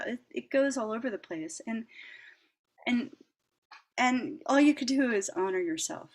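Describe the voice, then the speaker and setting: A woman hosting a reflective personal talk, speaking gently with frequent laughs, fillers and restarts. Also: fairly high pitch, expressive, a little slow, pauses often. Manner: gentle, warm-hearted, laughs often, many fillers and restarts. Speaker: host.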